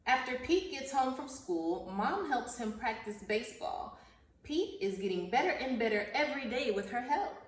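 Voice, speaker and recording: A woman's voice: on the high side, expressive. Woman teacher reading aloud, echoey and distant. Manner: slow, carefully enunciated, repeats words for children. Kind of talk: vocabulary lesson and read-aloud story. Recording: roomy, echoey sound from a distance off the mic.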